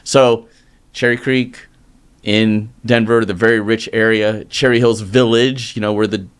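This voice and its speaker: A middle-aged man, a mortgage loan originator, telling his story in a casual interview with energy and animated retellings. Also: lowish voice, unhurried, clear, resonant tone.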